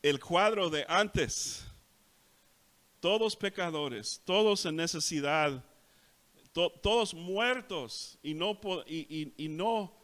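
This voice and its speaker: Bright-voiced pastor preaching. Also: male voice, fairly high pitch, slow pace. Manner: animated storytelling, acts out voices. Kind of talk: bilingual sermon, self-translating. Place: church sanctuary.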